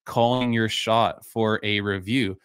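Male stream host, lowish pitch, slightly hoarse, loose chatty delivery, dry close sound. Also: takes it slowly, no echo. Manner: relaxed, rambling, many fillers and restarts. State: voice going a bit hoarse. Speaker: live-stream whisky reviewer, host. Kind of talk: casual live-stream chat, answering viewer comments.

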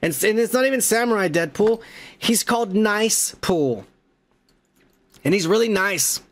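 A man's voice: sits high, lively intonation, measured pace. A man hosting a podcast who recaps a film in a rambling, profane, casual way. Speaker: podcast host.

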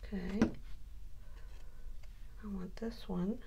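A woman's voice: medium pitch, fairly even intonation, drawn-out words, vocal fry, very noisy. A woman hosting a casual scrapbooking tutorial, chatting through each step and telling a story as she works. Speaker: crafting channel host.

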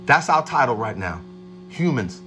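A man hosting a livestream, giving a streetwise motivational pep talk and shouting out viewers by name. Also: medium pitch, sing-song, normal speed. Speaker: livestream host.

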